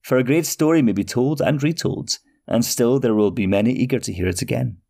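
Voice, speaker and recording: A man voicing a powerful but gentle witch in a storybook, speaking in measured tones. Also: medium pitch, creaky. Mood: calm. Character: powerful witch, calm and kindly.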